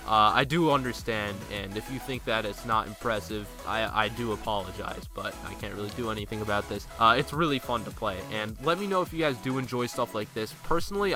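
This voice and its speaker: A man giving casual gameplay commentary while sick and a little out of breath, rambling and apologetic. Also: medium pitch. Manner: apologetic, rambling with many fillers. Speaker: gaming commentator.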